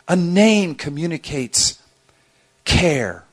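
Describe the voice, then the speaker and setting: Animated man preaching a sermon. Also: fairly high pitch, moderate pace. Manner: animated storytelling with playful asides. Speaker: pastor.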